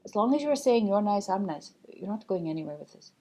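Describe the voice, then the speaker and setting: A woman channeling a loving spirit guide, giving a slow, measured, gently instructive spiritual message with many pauses. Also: mid-range voice, animated, close to an everyday voice. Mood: gentle teaching. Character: collective loving spirit guide, calm and teaching.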